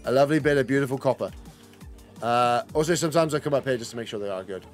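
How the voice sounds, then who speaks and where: A man's voice: mid-range voice, fast talker, faint music behind. A man chatting casually while streaming a game, rambling and greeting and answering viewers as he plays. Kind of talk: casual live-stream commentary.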